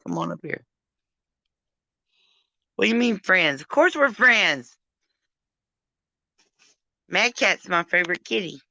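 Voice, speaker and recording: A woman's voice: on the low side, lively intonation, slow pace, vocal fry, long pauses, bright, forceful tone, no room sound. A drunk woman hosting a casual live chat, rambling, affectionate and crude as she calls on her friends. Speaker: live stream host.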